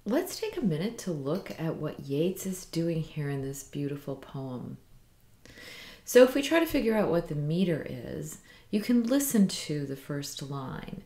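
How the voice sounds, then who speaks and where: A woman teaching a poetry lesson, explaining meter slowly and reading lines aloud with careful emphasis. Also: deep voice, big pitch swings, warm tone, echoey room.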